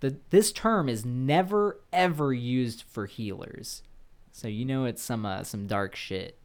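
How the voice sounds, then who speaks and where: A man's voice: mid-range voice, a little slow. A man co-hosting a casual podcast, laughing often and teasing while he walks through the topic. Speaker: podcast co-host.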